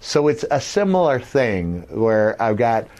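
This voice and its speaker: A man's voice: mid-range voice, sing-song, a little slow, darkish tone. A middle-aged man on a podcast, telling long rambling stories with many fillers and acting out the people he quotes. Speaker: podcast co-host, former wrestler. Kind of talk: casual storytelling chat.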